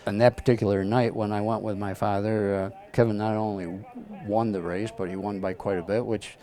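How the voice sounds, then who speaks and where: A man with a low, mellow voice recalls a memory in a flat, hesitant way. He sounds somewhat distant from the mic. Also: a little fast. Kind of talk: documentary interview.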